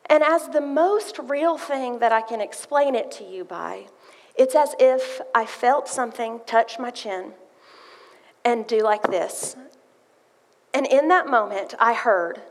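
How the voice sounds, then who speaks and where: Sharing her testimony from the pulpit, a church speaker with a higher-pitched voice talks at normal speed. She recounts her story earnestly and reads passages of scripture, and a long hall reverb follows her words.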